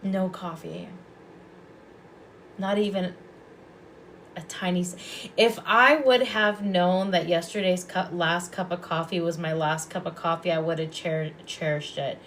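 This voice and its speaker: A woman giving intuitive readings on a live stream. She talks calmly and softly and often repeats her phrases. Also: on the low side, measured pace, slight background noise. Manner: calm, soft-spoken, repeats phrases. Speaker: psychic reader and past life regressionist.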